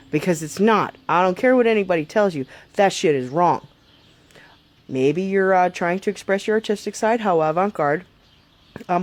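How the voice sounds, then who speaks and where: Woman, vlogger, profane advice rant, sarcastic, blunt, mid pitch. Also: a little mellow. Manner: blunt, sarcastic, swears a lot.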